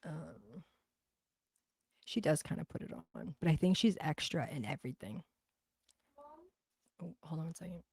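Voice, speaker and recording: A woman's voice: sits low, normal speed, long pauses, a little mellow, slightly rough, dry recording, clean studio sound. A woman from New Bedford with a Boston accent, a livestream host chatting casually and bluntly with viewers, swearing and gossiping as she reads comments. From New Bedford, Massachusetts.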